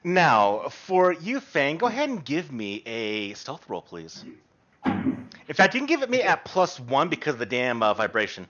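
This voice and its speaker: A man's voice: medium pitch, wildly swooping pitch, unhurried, fairly bright tone, muffled recording. A man narrating a tabletop role-playing game as game master, describing scenes with frequent fillers.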